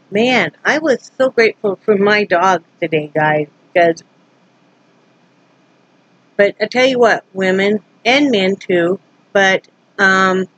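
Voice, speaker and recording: A woman's voice: medium pitch, takes it slowly, pauses often, fairly bright tone, no room sound, muffled recording. A woman from Wyoming telling a story to her camera in a casual, rambling way, acting out both sides of a tense encounter with many restarts. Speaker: vlogger.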